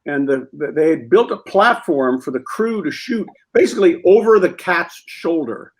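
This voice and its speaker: Animated, somewhat high-voiced male storyteller. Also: moderate pace, rough recording. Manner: animated storyteller who acts out quotes. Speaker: guest. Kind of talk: comedic anecdote on a talk show.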